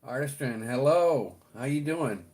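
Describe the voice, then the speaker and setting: In a mid-range, somewhat dark and expressive voice, a middle-aged man speaks a little slowly on his livestream. He wanders casually from topic to topic while greeting viewers, dropping the occasional swear word.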